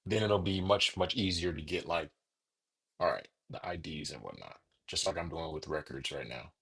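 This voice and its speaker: A man with a very low voice and a bright, sharp edge talks casually through his programming, half to himself. He drops the odd curse and has the hiccups. Keyboard clicks sit faintly behind him. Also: moderate pace, slightly rough. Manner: muttering to himself, swears freely. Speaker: programmer streaming his coding. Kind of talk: casual coding commentary.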